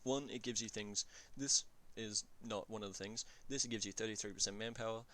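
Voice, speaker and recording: Giving casual commentary on a strategy game, this man thinks aloud and keeps correcting himself mid-sentence with fillers. His voice sits on the low side with a steady, bright, forceful tone and a brisk pace. He's offhand and blunt, and he swears now and then.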